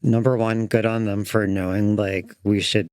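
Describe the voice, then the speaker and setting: Male podcast co-host, low-pitched, supportive listener, dry close sound. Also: level tone, moderate pace, darkish tone, clear, resonant tone, no echo. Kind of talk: casual chat.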